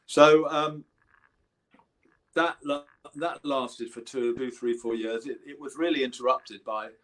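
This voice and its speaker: A man's voice: mid-range voice, fairly even intonation, unhurried, fairly bright tone, rough recording. Older Englishman telling rambling stories. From England. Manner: rambling, self-correcting anecdotes. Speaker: guest musician. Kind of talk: casual storytelling interview.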